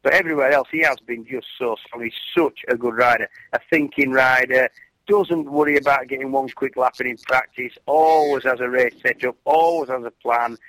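A man's voice: medium pitch, normal speed, no room sound, rough recording. A man, a former racer, chatting casually and telling stories with lots of restarts. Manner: animated storyteller, many restarts. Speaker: former racer and commentator guest. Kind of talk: casual chat.

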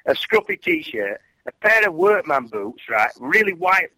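Talking a little slowly in a fairly high voice, this man, once a racer and now a commentator guest, chats casually and spins animated stories, often restarting. The audio is poor, with no room sound.

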